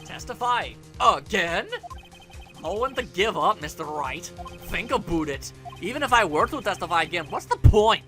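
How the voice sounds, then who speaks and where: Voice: mid-range voice, a little slow, faint music behind, pitched below the performer's own voice. Nachgesprochene Spielfigur, Frau, kalt und spöttisch, schwankende Tonhöhe. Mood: dismissive. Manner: flat, condescending, with a failed foreign accent. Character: cold, dismissive woman witness.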